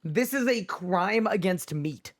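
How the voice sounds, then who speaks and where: A man's voice: sits high, animated, takes it slowly. A man streaming a game live, bantering with his chat in a playful, incredulous way. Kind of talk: casual livestream chat with viewers.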